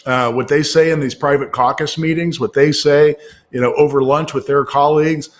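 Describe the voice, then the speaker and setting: A middle-aged man from Indiana, a guest commentator in casual political talk, who speaks at length with many fillers and restarts and grows more animated as he makes a point. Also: on the high side, moderate pace. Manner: talkative, with frequent fillers and restarts.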